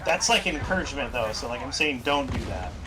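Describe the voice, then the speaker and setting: A man's voice: mid-range voice, expressive, brisk. A man chatting casually during a co-op game with friends, making wry quips and teasing the others. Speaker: co-player. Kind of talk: casual gaming chat.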